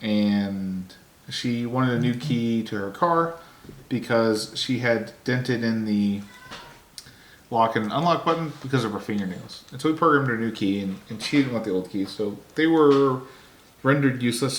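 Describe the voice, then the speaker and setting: A man co-hosting a relaxed podcast, spinning a long anecdote at his own easy pace. His voice sits in the middle range, and he jumps up in pitch whenever he mimics someone. The recording carries a noticeable room echo. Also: moderate pace, slight background noise. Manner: animated, acts out quotes in a high voice. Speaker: podcast co-host. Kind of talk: casual storytelling chat.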